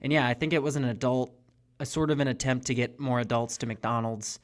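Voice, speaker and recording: A man's voice: medium pitch, steady tone, brisk. A man in his twenties chatting casually on a podcast, rambling with lots of fillers. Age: 20s. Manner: laid-back, rambling with many fillers. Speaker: co-host. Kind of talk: casual chat.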